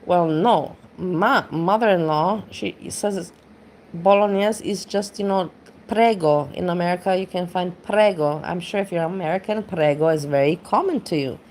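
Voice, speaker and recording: A woman's voice: on the low side, normal speed, a little mellow, a little hiss or hum. A woman rants bluntly and casually, swearing freely and rambling as she goes. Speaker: commentary streamer. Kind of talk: casual rant.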